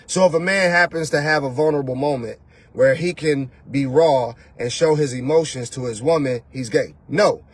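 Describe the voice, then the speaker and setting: Male relationship coach, high and raspy, slangy and preachy, dry sound. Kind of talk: casual opinion monologue.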